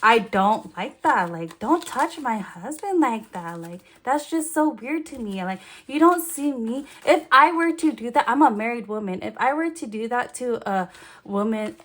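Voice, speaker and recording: A woman's voice: a little high, measured pace. Chatty woman telling a story. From Philippines. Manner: animated, filler-heavy retelling with quoted dialogue. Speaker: vlogger. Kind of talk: casual storytelling.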